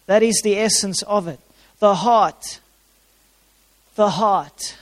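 A man's voice: high voice, takes it slowly. A man preaching a sermon, repeating his key phrases for emphasis and showing props to his congregation. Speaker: pastor. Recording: long hall reverb.

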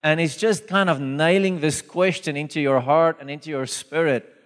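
A man preaching a sermon as pastor, in a conversational, animated storytelling manner with acted quotes. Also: on the high side, moderate pace. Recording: reverberant hall.

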